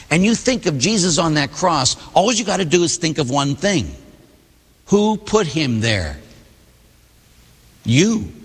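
Male priest, husky tone, animated delivery, preaching casually but with punch in a reverberant church. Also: fairly high pitch. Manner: conversational, emphatic preaching. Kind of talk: sermon.

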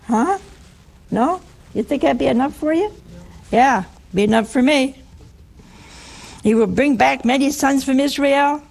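A woman's voice: sits high, unhurried, gravelly, pauses often, a little mellow. A woman preaching a conversational sermon, teasing and humorous, often asking listeners questions.

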